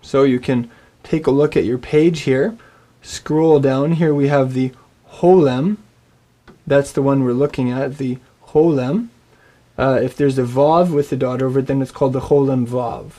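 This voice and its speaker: A man's voice: medium pitch, steady tone, a little slow, warm tone. Guy teaching hebrew vowels, friendly and encouraging, medium voice, has you repeat words after him. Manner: friendly, encouraging, models pronunciation aloud. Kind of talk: recorded language lesson.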